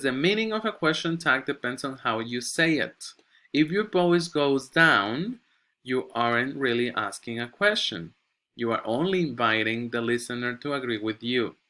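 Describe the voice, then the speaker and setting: A man's voice: medium pitch, pushed and bright. A male English teacher giving a recorded grammar lesson. He reads textbook examples aloud and keeps checking in with "okay?".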